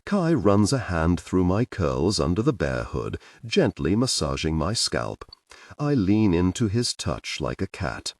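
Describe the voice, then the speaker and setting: A man narrating a first-person audiobook romance in a lively, expressive reading style. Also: low voice, measured pace, dry recording, recorded from a distance.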